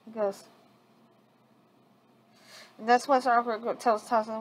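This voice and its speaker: A woman's voice: a little high, little pitch movement, normal speed, long pauses, low-quality recording. A woman casually retelling a fan story, rambling with frequent restarts.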